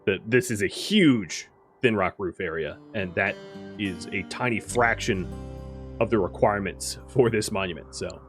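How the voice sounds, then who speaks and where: Lower-voiced man commentating his game. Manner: thinking aloud, explanatory, with frequent fillers. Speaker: gaming video host.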